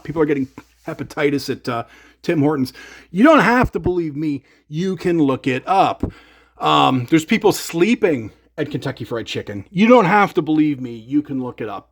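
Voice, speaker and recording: A man from Canada chats his way through a long, digressive story. His voice sits a little high, and he wanders off topic easily. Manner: rambling, chatty, digressive. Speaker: gear vlogger. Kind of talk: casual storytelling to camera.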